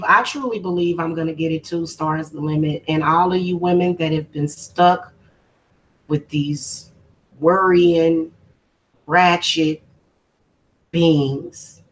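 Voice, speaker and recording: A woman's voice: fairly low pitch, a bit bright, poor audio. Heartfelt woman chatting on a livestream. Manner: heartfelt and emotional, informal. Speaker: spiritual channel host. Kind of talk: casual livestream chat.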